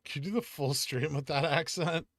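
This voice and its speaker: A man's voice: on the high side, moderate pace, fairly bright tone, no room sound. A man hosting a casual livestream, answering viewer chat questions in a laid-back, offhand way. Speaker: livestream host reading chat.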